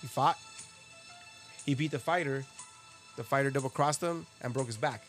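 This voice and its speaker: A man's voice: mid-range voice, moderate pace, a bit bright, soft background music. A man hosting a casual podcast, telling a story full of swearing and asides. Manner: profane storytelling, lots of swearing and laughing. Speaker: podcast host.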